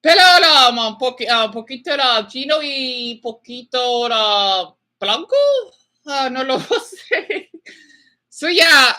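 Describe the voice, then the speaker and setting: Woman livestreamer, high bright voice, halting, lots of ums, casual chat. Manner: halting, many fillers, switches into hesitant Spanish. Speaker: livestreamer reading viewer messages. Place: lives in Phoenix.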